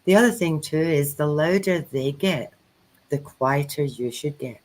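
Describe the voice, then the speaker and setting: On a low-quality recording, a woman's deep voice moves along unhurriedly. As co-host of a spiritual conversation, she tells stories in a relaxed way, bringing quoted lines to life with lively performance.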